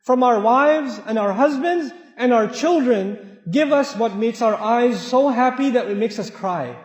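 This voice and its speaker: A man giving an animated sermon-style talk to a congregation, acting out family quarrels in quick voices. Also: very high voice. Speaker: Islamic speaker. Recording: roomy hall reverb.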